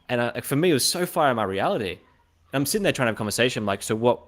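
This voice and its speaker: On a relaxed podcast, a young Australian host races through his stories at a medium pitch. He animates them by voicing the other characters' lines himself.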